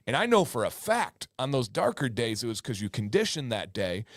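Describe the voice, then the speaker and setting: A man's voice: mid-range voice, sing-song, moderate pace, dry recording, clean studio sound. A man telling a story in casual chat as a livestream co-host, acting out the people in it.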